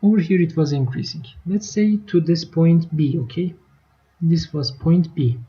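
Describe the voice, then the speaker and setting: A woman's voice: low-pitched, measured pace, dark tone. A woman teaching a live online math lesson, explaining step by step and checking in with her students. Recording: dull lo-fi stream audio.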